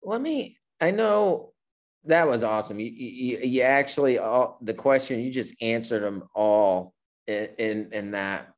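A man's voice: medium pitch, lively intonation, a little slow. A man hosting an interview who asks his questions in an enthusiastic, rambling way. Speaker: interview host. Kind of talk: casual interview.

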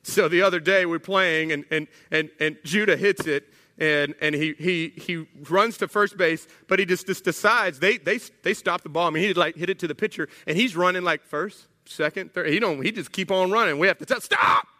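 A man's voice: high voice, normal speed. A man preaching a sermon as pastor, telling stories with humorous asides. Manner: animated storytelling, humorous asides. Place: church sanctuary. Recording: echoey church hall.

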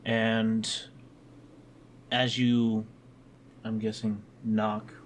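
Unhurried game master man, lowish voice. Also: a little hiss or hum. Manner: relaxed, meandering narration with fillers. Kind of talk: narrating a tabletop game.

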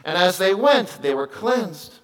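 Man preaching a lively conversational sermon. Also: sits high, measured pace, rough recording. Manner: conversational preaching, swings from quiet to loud emphatic calls. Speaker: pastor.

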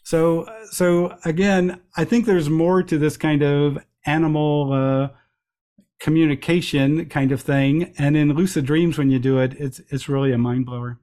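A middle-aged man telling lively anecdotes as an interview guest, with frequent restarts and playful voices for quotes. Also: a little high, a little slow. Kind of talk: storytelling in a conversational interview.

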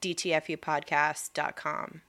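A woman's voice: low-pitched, flat delivery, normal speed, fairly bright tone. A pregnant woman co-hosting a podcast, chatting casually and rambling with lots of fillers. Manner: chatty, rambling, laughs easily. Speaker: podcast co-host. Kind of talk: casual chat.

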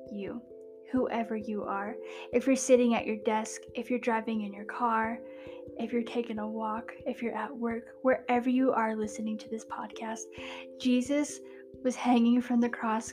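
Woman podcast host, earnest devotional reading, fairly high voice, soft music under. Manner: earnest, building to hushed emphasis.

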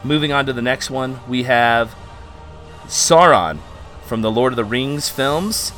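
Bright-voiced man hosting a quiz chat. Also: mid-range voice, unhurried, faint music behind. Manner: reads out questions and scores, laughs easily. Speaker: podcast host running a quiz. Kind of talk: casual chat.

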